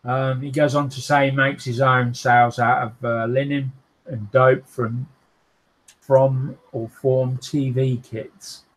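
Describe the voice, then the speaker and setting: A man runs a modelling livestream, talking slowly and flatly at a medium pitch, and the recording quality is low. He chats casually and reads viewer comments aloud, laughing frequently and stumbling through fillers and restarts.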